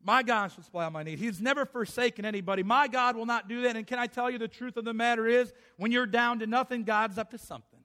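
A man's voice: very high voice, quick pace, sharp tone. A middle-aged man preaching a sermon as pastor, impassioned, often acting out the voices of the people in his story.

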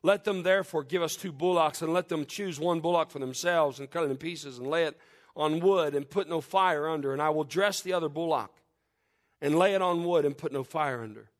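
A man's voice: on the high side, fairly quick. A man preaching a sermon with fervent, emphatic delivery, reading scripture in old-fashioned wording and leading a prayer. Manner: fervent, rising to loud emphatic peaks then dropping quiet; reads scripture in King James wording.

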